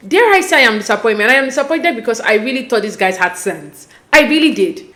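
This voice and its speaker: A woman's voice: on the high side, lively intonation, brisk, fairly bright tone. A young woman giving a casual recap of a reality show, with exasperated, incredulous commentary. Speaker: recap vlogger.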